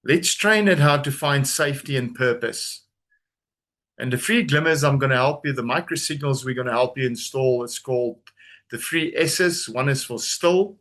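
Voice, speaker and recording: A man leads a group through a grounding exercise on a video call. He speaks slowly and soothingly in a mid-range voice, repeating phrases and leaving pauses for the listener to breathe. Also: mid-range voice, fairly bright tone. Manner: slow, soothing, repetitive guidance with pauses. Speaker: trauma coach leading a group call.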